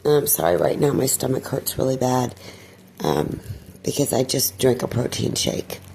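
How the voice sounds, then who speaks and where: Woman, personal vlog monologue, weary, distressed, very low voice, faint noise behind. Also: expressive, normal speed, creaky, warm tone. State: clearing her throat. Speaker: video blogger.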